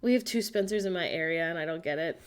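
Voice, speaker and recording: An American woman hosting a casual livestream, chatting playfully and reading viewers' messages aloud with animated, self-mocking humor. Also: on the low side, fast talker, clean tone. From United States. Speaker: livestream host reading chat. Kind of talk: casual chat.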